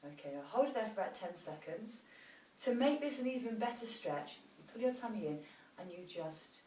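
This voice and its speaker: A woman's voice: medium pitch, expressive, fairly quick, a little mellow, far from the mic. A woman fitness instructor guiding a post-run stretching routine, demonstrating each stretch as she encourages the viewer. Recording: roomy sound from off-mic with faint noise.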